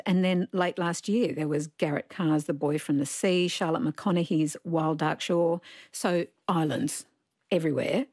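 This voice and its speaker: A woman hosts a radio book review, her voice low and a little husky. She talks in a measured way, and the studio sound is dry and close. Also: darkish tone, dry recording. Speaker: radio book show host.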